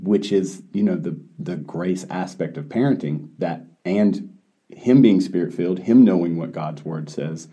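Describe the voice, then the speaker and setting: A male podcast host with a low voice and a very dark, mellow tone. He asks thoughtful, reflective questions and answers his guest with brief agreements. He speaks steadily through the conversation. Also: measured pace. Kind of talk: podcast interview.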